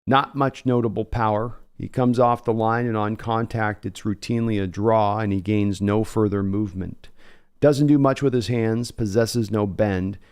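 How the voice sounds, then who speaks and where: A man's voice: lowish voice, steady tone, normal speed, darkish tone, clear, resonant tone. A man hosting a live draft reaction stream, breaking down prospects analytically in a casual way and reading out viewer comments. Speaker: host.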